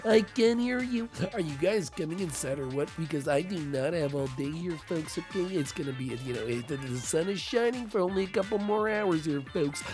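A man voicing a pushy, lonely turtle neighbor in a Minecraft role-play, drawling a slow salesman patter. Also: a little high, lively intonation, music in the background, lightly acted. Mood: needy, sinister. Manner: slow salesman patter, says "folks" constantly.

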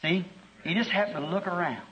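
A man's voice: high-pitched, brisk, dull audio, slight background noise. A middle-aged man preaching a sermon in a fervent, folksy way, telling a story and often repeating his words.

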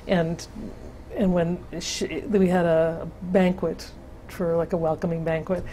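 A woman's voice: lowish voice, flat delivery, takes it slowly, warm tone, a little hiss or hum. An older woman recounting memories in an oral history interview, telling her story with many restarts and fillers. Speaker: interviewee, sister-city project founder.

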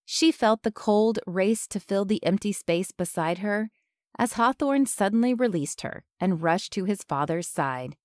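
A woman narrating an audiobook in a measured, even way. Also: medium pitch, no echo, studio quality. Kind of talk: scripted narration.

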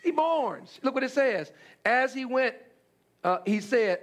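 High-voiced man preaching with urgent repetition. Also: lively intonation, unhurried, a bit bright. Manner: repetitive emphatic preaching with stammered restarts. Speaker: pastor. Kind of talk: sermon.

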